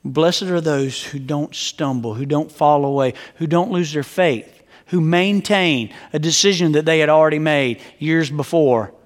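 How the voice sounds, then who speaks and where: High-voiced pastor joking from the pulpit. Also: male voice. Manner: conversational, joking, emphatic storyteller. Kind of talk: sermon. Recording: long reverb of a large hall.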